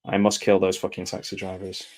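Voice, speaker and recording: A man giving casual live commentary over a film, reacting aloud and often dropping into quiet mumbled asides. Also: deep voice, monotone, a little fast.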